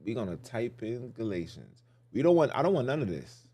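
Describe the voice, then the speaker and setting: Brisk and sing-song, this man's medium-pitched voice sounds warm and slightly rough. On his podcast he teaches scripture like a casual preacher, emphatically repeating phrases and posing rhetorical questions to the audience.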